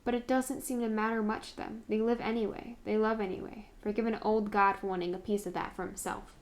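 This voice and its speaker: A woman voicing a weary ancient male god-king in a read-aloud story, speaking in a quiet, measured way. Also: medium pitch, flat delivery, close to an everyday voice.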